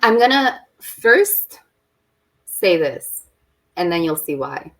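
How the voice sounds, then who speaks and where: Low-voiced woman giving firm advice. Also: very animated, slow pace, a bit bright, rough recording. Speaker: podcast guest, marketing business owner. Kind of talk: conversational podcast interview.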